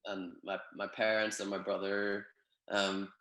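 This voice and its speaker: A young man from Northern Ireland with a Northern Irish accent, chatting in a relaxed, rambling way with many fillers on a video call. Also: fairly low pitch, unhurried, echoey room, rough recording. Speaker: guest, gymnast. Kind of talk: casual interview over video call.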